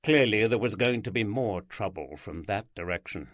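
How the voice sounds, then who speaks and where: Male audiobook narrator, measured, dry close mic. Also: on the low side, expressive, a bit bright, no room sound.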